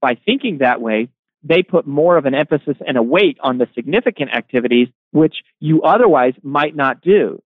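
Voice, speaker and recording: Speaking at normal speed in a slightly high, animated voice, this male author and guest lays out his ideas and tells lively stories in an interview, tending to repeat words when starting. There's no echo, though the line sounds phone-like and remote.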